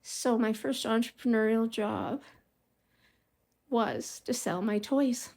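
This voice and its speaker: A middle-aged woman vlogger telling a childhood story in a casual, rambling way, drifting into side remarks and laughing softly now and then. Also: a little high, slow pace, gravelly. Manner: rambling and digressive, with frequent small laughs.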